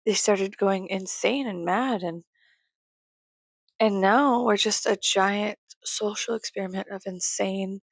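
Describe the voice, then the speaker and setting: A woman vlogger ranting in a casual, rambling way, full of swearing, jumping from loud outbursts to low mutters. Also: takes it slowly, no echo.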